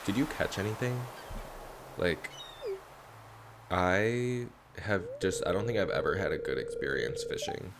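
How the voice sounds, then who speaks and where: A man's voice: sits low, a little slow, gravelly, pauses often, noisy background. A man streaming a game live, chatting casually and rambling with his viewers. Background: game music.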